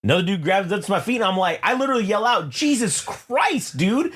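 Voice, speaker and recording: A man's voice: high-pitched, animated, rapid-fire, a bit bright. A man co-hosting a podcast, telling a long absurd story in casual, profane chat. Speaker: podcast co-host.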